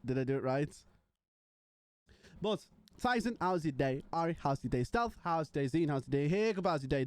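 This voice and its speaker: A man's voice: fairly high pitch, a little mellow, dry recording. A young man streaming live, chatting casually and joking with his viewers. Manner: playful, joking banter with chat.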